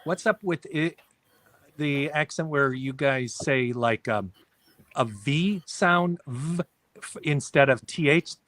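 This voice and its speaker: A man with a Minnesota accent tells stories and asks questions in a relaxed, chatty way. His voice is bright and a little higher than most. The sound is dry and close to the mic. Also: takes it slowly, no room sound. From Minnesota, United States. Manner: curious, storytelling. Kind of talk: casual chat.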